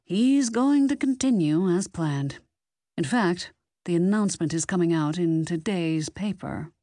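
A woman's voice: lowish voice, lively intonation, measured pace, mellow, no echo, clean studio sound. Woman voicing a poised, guarded assistant.

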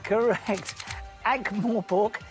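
A man hosting a quiz show, brisk, upbeat and teasing. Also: high voice, fairly even intonation, music in the background.

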